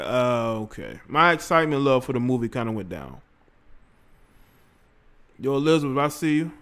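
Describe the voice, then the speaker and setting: Slangy man hosting a livestream, fairly high. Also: fairly bright tone. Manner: rambling, slangy, talks straight to the chat. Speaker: livestream host. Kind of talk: casual livestream commentary.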